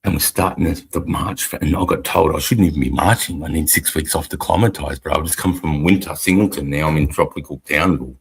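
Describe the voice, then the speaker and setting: A bass-voiced Australian army veteran in his forties fires off war stories with hardly any pauses, talking quickly with vocal fry. He's a blunt, rambling stream co-host who swears constantly, and there's slight background noise.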